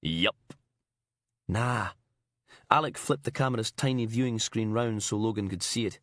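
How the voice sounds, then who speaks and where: A man with a low voice reads a crime thriller audiobook in a measured, grim tone. The sound is close and dry, with no room around it. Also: no room sound. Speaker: audiobook narrator. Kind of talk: scripted narration.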